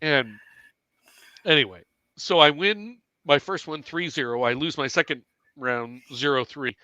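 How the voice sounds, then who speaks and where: A man casually telling a self-mocking story on a live stream, animated and swearing freely. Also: fairly high pitch, a little slow, dry recording, dull audio.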